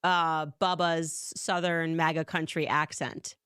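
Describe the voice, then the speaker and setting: A woman hosting a conversational interview, teasing her guests and breaking into laughter often. Her voice sits on the low side. It sounds dry and close to the mic. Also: level tone, takes it slowly, a bit bright, smooth, no echo. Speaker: interview host.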